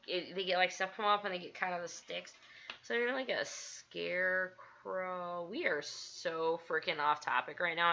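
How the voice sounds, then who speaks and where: A woman hosting a casual livestream from a home studio, rambling excitedly and laughing often. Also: fairly low pitch, dull audio. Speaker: livestream host. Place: home studio with green screen.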